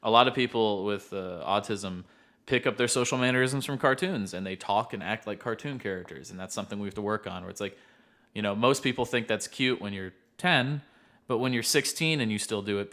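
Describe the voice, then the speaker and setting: A male podcast co-host who works with autistic clients chats casually and loosely about that work, laughing a lot and using many filler words. He speaks briskly in a fairly low, slightly bright voice.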